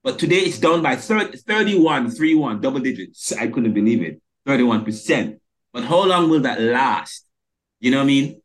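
With big pitch swings in a mid-range voice at a moderate pace, a Caribbean podcast host conducts a relaxed interview. He's emphatic, stresses single words, and frequently starts over.

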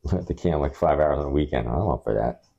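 Podcast co-host: a man with a low, mellow voice, rambling and laughing as he chats. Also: fast talker, creaky, lo-fi sound. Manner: rambling, laughing, acts out quotes. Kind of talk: casual chat. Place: rented holiday home.

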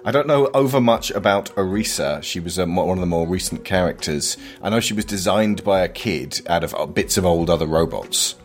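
A man co-hosting a casual podcast chat, musing in a halting way. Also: sits low, soft background music. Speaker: podcast co-host. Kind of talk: casual discussion.

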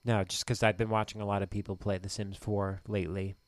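Male podcast co-host, low voice, rambly casual delivery, dry booth. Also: level tone, fast talker, no echo. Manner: rambling, hesitant restarts, swears casually. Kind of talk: casual chat.

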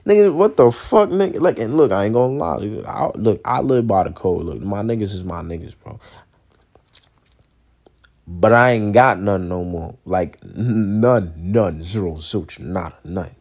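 A young man in a casual, profane monologue, rambling and blunt, swinging between loud outbursts and low mutters. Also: a little slow.

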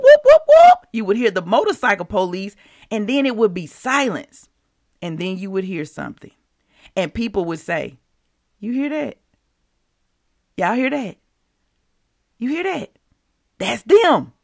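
Folksy woman preaching slowly. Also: medium pitch, dry recording, clean studio sound. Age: adult, past college. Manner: animated, folksy, calls out to listeners. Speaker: devotional podcast host. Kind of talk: devotional storytelling and preaching.

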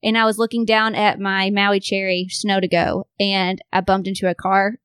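A young woman co-hosting a podcast, telling old stories in a casual, giggly, animated way. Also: medium pitch, moderate pace, clear, resonant tone, no echo, studio quality. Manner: giggly, animated storyteller acting out quotes. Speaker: podcast co-host. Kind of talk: casual chat, reminiscing.

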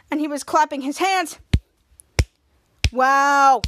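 High-voiced woman recapping a show. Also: steady tone, fairly bright tone. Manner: rambling, halting narration with restarts. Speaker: podcast host. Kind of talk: casual episode recap.

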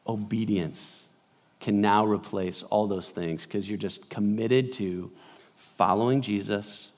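A man preaching a sermon in a conversational way, moving from loud bursts to hushed passages. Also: fairly low pitch. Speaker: pastor. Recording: long hall reverb.

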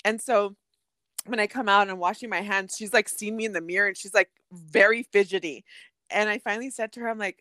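A woman's voice: fairly quick, dry recording. A young adult woman co-hosting a podcast, telling stories with lots of laughter, swearing freely and mixing in Spanish phrases. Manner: animated storyteller, bursts into laughter and high squeals. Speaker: podcast co-host. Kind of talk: casual chat.

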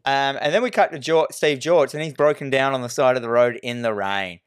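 A man's voice: medium pitch, brisk, clear, resonant tone, dry recording, clean studio sound. A man, co-hosting a podcast and recapping a horror film in irreverent casual chat, swearing freely. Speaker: podcast co-host.

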